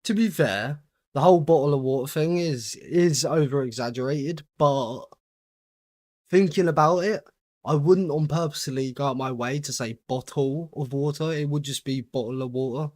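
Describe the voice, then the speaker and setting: A young British man chatting casually with his viewers while playing a game on a livestream, relaxed and easygoing as he greets viewers and answers their questions. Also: on the high side, normal speed, dry recording, studio quality. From United Kingdom. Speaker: gaming livestreamer.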